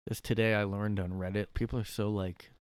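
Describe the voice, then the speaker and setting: A man's voice: lowish voice, level tone, a little fast, clear, resonant tone, dry recording, studio quality. Rambling, joking podcast guy. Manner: rambling, joking, laughs at own bits. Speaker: podcast host. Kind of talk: casual solo monologue. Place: his room.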